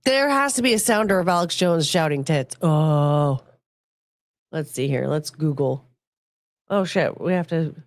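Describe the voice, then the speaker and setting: A woman's voice: moderate pace, no room sound. Chatty woman host, dry close sound. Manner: chatty, crude and joking, swings pitch a lot in quoted voices. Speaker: podcast host. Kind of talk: casual chat, storytelling and reading chat comments.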